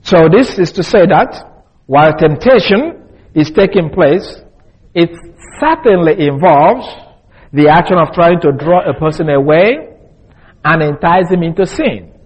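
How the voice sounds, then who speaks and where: A male Bible teacher giving a deliberate expository lesson and spelling out Greek words letter by letter. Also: a little high, animated, husky, poor audio.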